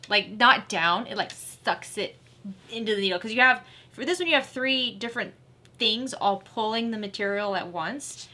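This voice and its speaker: Woman, sewing tutorial host, chatty, laughs a lot, bright voice. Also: a little high, lively intonation, normal speed. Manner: chatty, laughing, talks to viewers while sewing. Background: faint sewing machine whir.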